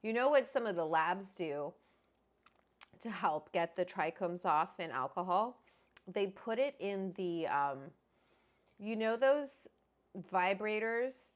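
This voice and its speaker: A woman's voice: medium pitch, animated, slow pace. A woman hosting a casual livestream, chatty and rambling as she greets viewers by name. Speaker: host.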